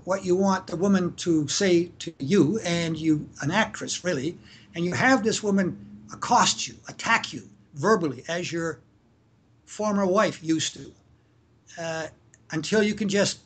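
A Canadian family lawyer answers interview questions casually, acting out shouted examples and often halting to restart his sentences. His voice is high and slightly rough.

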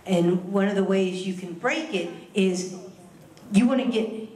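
A woman speaks to a live audience in a loose, chatty way, mixing explanation with little stories. Her voice sits at an ordinary middle pitch. The room around her is echoey. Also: measured pace, mellow. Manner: chatty, tells stories with acted quotes. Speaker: speaker on love science.

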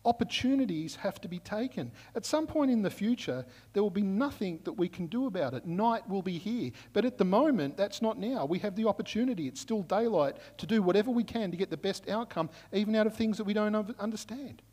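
A man's voice: sits high, animated, fairly quick, few pauses, a little mellow. A man preaching a sermon as pastor, in a conversational storytelling way with frequent "right?" check-ins. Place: church. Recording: long reverb of a church hall.

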